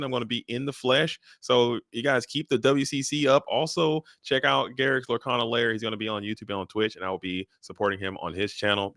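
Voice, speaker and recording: Man, stream co-host, casual hype talk, bright tone. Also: medium pitch, no room sound. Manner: upbeat hype with catchphrases. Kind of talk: casual livestream commentary.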